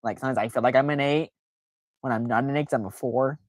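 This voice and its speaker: Low-pitched woman streamer just chatting, lots of "like", kinda rambly, jokes on herself, dry close sound. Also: quick pace, a little mellow, no room sound. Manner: rambling, filler-heavy, self-deprecating; acts out quoted reactions in playful voices. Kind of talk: casual livestream chat.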